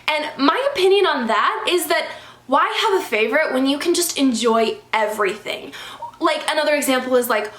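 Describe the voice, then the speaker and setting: A woman's voice: high voice, animated, moderate pace, a bit bright, a little hiss or hum. A young adult woman telling storytime vlog stories in a chatty, exasperated way, with lots of "like" fillers. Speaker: vlogger. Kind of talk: storytime vlog, casual chat. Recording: echoey room.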